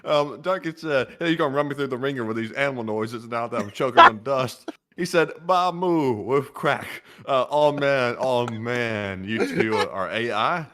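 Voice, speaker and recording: A man co-hosting a casual livestream, reading out donations in a relaxed, rambling way. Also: mid-range voice, moderate pace, few pauses, a little hiss or hum. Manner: relaxed, rambling, filler-heavy. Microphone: close desk mic.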